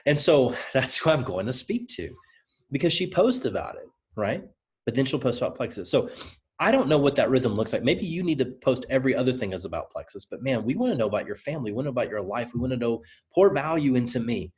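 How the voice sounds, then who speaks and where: A man with a Southern US accent giving a motivational training talk to a team. He speaks in an energetic, conversational, coaching way and repeats points for emphasis. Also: mid-range voice, fast talker. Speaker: presenter.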